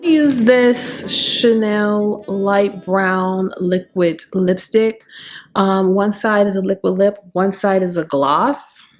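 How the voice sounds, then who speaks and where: Tired, slightly raspy woman chatting over music. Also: medium pitch, takes it slowly. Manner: chatty and animated, with bursts of faith talk. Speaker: beauty vlogger. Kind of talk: casual chat while doing makeup. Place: home, new apartment.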